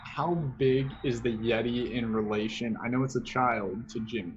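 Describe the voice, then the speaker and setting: A man's voice: medium pitch, steady tone, moderate pace. A laid-back man playing a tabletop game who laughs easily. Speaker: player. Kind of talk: casual tabletop play. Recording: dull lo-fi mic with faint noise.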